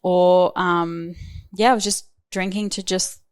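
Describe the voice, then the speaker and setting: A woman around thirty speaks as a podcast guest, candid and chatty, with plenty of "like" and "um" woven through her sentences. Her voice sits a little low for a woman. The recording is dry and close, with no room sound. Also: fairly even intonation, a little slow, smooth, no echo. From Australia. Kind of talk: casual interview chat.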